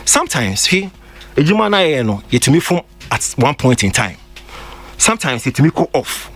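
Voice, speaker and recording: A man's voice: mid-range voice, very animated, normal speed, a bit bright. A Ghanaian man on a radio panel, lecturing critically and switching between English and Twi. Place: radio studio.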